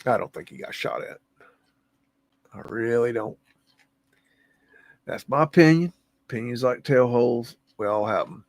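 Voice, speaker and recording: A man's voice: medium pitch, animated, a little slow, vocal fry, long pauses, no room sound. A man hosting a livestream, musing aloud and easily amazed as he comments on photos, humming to himself between remarks. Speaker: livestream host.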